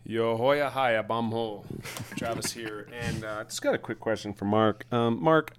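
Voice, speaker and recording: A man leaving a casual recorded question for a podcast guest, relaxed and playful, pausing with fillers. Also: medium pitch, crowd noise.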